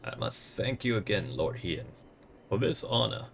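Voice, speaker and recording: A man voicing an older retired samurai and proud grieving father, in a grave old man voice that breaks into strained high cries. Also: lively intonation, measured pace, gravelly, fairly bright tone, full character voice. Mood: solemn. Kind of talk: reading game dialogue aloud in character.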